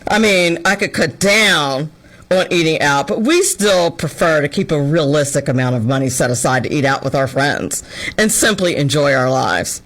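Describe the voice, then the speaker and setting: Sarcastic woman host, animated and bright. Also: mid-range voice, poor audio. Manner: sarcastic, exasperated ranting. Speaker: radio show host. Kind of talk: opinionated talk-show commentary.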